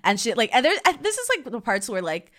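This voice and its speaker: Woman, podcast co-host, casual movie chat, rambling, lively pitch. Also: quick pace, a little hiss or hum. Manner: rambling, animated, lots of fillers and laughs.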